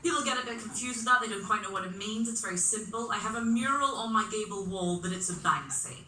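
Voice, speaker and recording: A woman's voice: medium pitch, quick pace, background noise. A woman with a middle-class Belfast accent performing a live stand-up set on a club stage, wry and self-mocking with punchy delivery. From Belfast, Northern Ireland. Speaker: stand-up comedian. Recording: echoey club room from far off.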